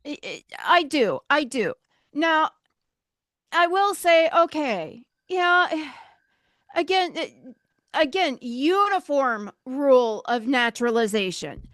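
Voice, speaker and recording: A woman co-hosting a political podcast, speaking in a hesitant, halting way. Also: high voice, lively intonation, a bit bright, no echo, studio quality. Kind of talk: political discussion.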